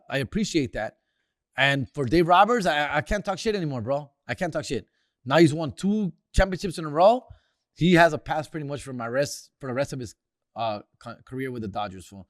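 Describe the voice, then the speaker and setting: A man's voice: a little high, a bit bright, no room sound, clean studio sound. A comedian hosting a casual sports segment, slangy and profane, dropping Spanish words into his talk. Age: older.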